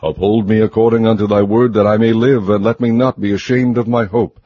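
Guy reading scripture slow and steady, lowish voice, dry dull recording. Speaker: scripture reader. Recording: slightly muffled dry recording.

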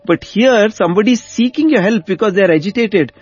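A man telling a devotional story in an animated way, often repeating phrases for emphasis. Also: high-pitched, brisk, husky. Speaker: guest storyteller. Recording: dull lo-fi sound with faint music.

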